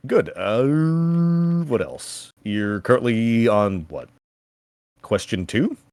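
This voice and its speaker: A man running a tabletop game as game master, casual and quick to laugh. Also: medium pitch, lively intonation, a little mellow, dry recording, clean studio sound. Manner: casual, laughing, swears freely.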